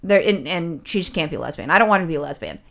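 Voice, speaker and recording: Animated storytelling woman who swears. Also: low-pitched, rapid-fire, vocal fry. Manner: animated, swears freely, acts out quotes. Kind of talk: casual storytelling chat.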